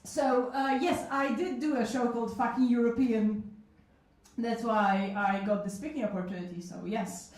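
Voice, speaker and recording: A woman's voice: a little high, steady tone, normal speed, darkish tone. A woman in her thirties telling comic stories at a live event, frank, self-mocking and chatty with asides. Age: 30s. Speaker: solo show performer telling stories. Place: small cafe event room. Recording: echoey room from a distance.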